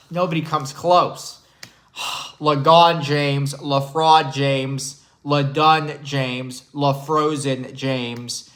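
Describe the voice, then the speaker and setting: A man doing a comedic impression of an older male sports debate pundit, brash and contrarian, talking slowly with heavy sighs. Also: mid-range voice, steady tone, fairly bright tone, low-quality recording. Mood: scornful. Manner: slow, drawn-out delivery with heavy sighs and dramatic pauses.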